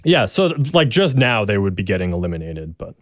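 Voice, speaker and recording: A young man co-hosting a sports podcast in casual chat, relaxed and halting with many fillers and restarts. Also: on the low side, dry recording, studio quality.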